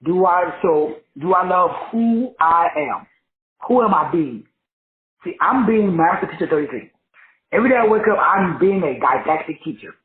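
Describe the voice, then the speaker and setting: A man's voice: high voice, lively intonation, normal speed. Preachy man on an echoey phone-like line. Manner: preachy, repetitive, colloquial. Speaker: online teacher and host. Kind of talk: motivational lecture.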